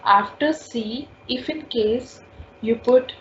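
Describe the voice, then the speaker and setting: A woman teaches a language class in a slow, patient way, repeating each sound and rule several times. Her voice sits a little high for a woman. The recording is dull and lo-fi, with a faint hiss behind her. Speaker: French teacher.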